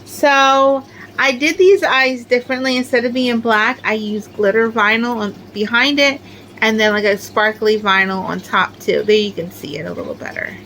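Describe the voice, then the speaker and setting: Brief: middle-aged woman, fairly high voice, rambling show-and-tell crafter, filler-heavy. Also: normal speed, fairly bright tone, slight background noise, poor audio. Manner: chatty, rambling, many "like" fillers. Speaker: crochet crafter showing her amigurumi. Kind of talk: casual show-and-tell chat.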